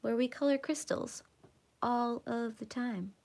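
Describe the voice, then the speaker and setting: A woman's voice: fairly high pitch, a little slow, a little mellow. A young adult woman hosting a casual coloring livestream, chatting in a rambling, self-mocking way with lots of repeats. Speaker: livestream host.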